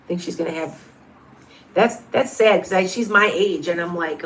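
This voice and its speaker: A woman's voice: lowish voice, moderate pace, a bit bright, slight background noise. A woman in her fifties, a medium hosting a livestream, chatting casually through viewer questions with lots of restarts and asides. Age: 50s.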